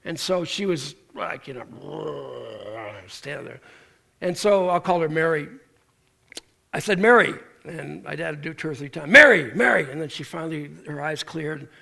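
This pastor's voice is gravelly and on the high side, and his pace is moderate. Preaching a sermon, he tells stories animatedly, performing the quotes of the people involved and frequently restarting.

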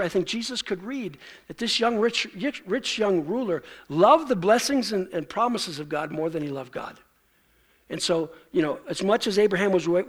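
A man's voice: high voice, creaky. A male pastor preaching a sermon in a conversational way, acting out the lines he quotes.

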